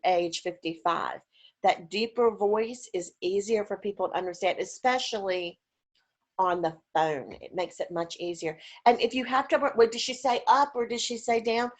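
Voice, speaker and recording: A woman speaking over a video call at a middle pitch. She talks informally about caregiving, chatty and full of fillers. She stops now and then to act out little vocal examples. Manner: demonstrative, acts out voice examples.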